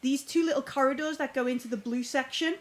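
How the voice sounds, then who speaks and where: A woman running a tabletop game from home, describing the scene in loose, chatty detail with plenty of fillers. Her voice is a little high. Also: fast talker. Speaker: game master.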